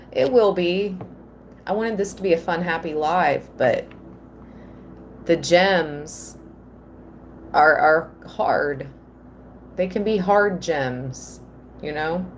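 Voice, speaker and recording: A woman giving a live tarot reading, slow and earnest, at times emotional. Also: on the low side, slight background noise. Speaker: tarot reader.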